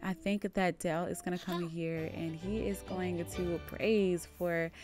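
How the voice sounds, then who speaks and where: A woman's voice: lowish voice, steady tone, a little slow, a little mellow, faint music behind. A woman casually narrating her life-sim gameplay, chatty and talking straight to her viewers. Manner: chatty, addresses viewers as "you guys". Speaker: let's play creator.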